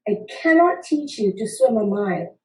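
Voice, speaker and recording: A woman voicing a calm, kind swim teacher within her own story. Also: a little high, normal speed. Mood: reassuring. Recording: roomy sound from a distant mic.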